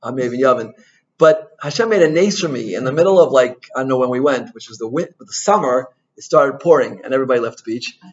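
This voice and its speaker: A rabbi telling a story, mixing in Hebrew terms. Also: male voice, mid-range voice, brisk, lo-fi sound. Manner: animated storyteller, mixing in Hebrew and Yiddish terms, frequent "right?". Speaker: rabbi giving a talk. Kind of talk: informal Torah lecture.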